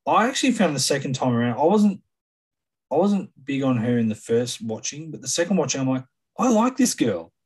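A man's voice: mid-range voice, expressive, brisk, husky, poor audio. A man co-hosting a casual podcast about a film, thoughtful and hedging, often repeating himself as he works out a point.

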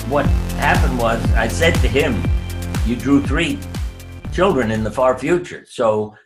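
A man's voice: medium pitch, music in the background. An older man, a doctor, telling anecdotes in an interview over a video call. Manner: anecdotal, unhurried, drops voice for quoted lines. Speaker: guest, doctor. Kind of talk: storytelling interview.

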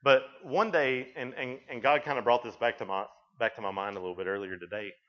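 A youth camp speaker, a man with a medium-pitched, steady voice, preaches a sermon at a brisk pace. He tells stories in a rambling way and keeps restarting. The recording is dull and lo-fi.

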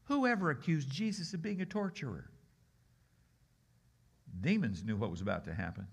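A man giving a sermon as a guest preacher, telling the story in a conversational, expressive way and swinging between loud and hushed delivery. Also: on the high side, normal speed, gravelly, breathy edge.

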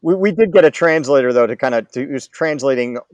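Relaxed male guest, chuckles while retelling, dry close sound. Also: mid-range voice, fairly quick, no echo, muffled recording. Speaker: documentary cameraman guest. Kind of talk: casual interview storytelling.

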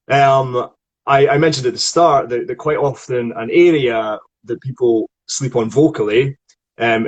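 Scottish male voice coach, husky, conversational teaching tone, lots of restarts. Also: mid-range voice, low-quality recording. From Scotland. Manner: chatty, explanatory, frequent restarts. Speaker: acting voice coach. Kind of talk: online acting lesson conversation.

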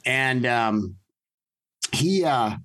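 A man telling stories in a casual chat as a podcast guest, animated, laughing often and swearing casually. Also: medium pitch, very slow. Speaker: podcast guest, business owner.

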